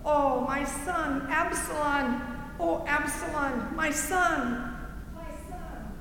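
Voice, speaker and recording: A woman's voice: high-pitched, slow, slight background noise. A woman reading scripture aloud, voicing an old king who mourns his son with pleading cries. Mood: grieving. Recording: echoey hall with loud ambience.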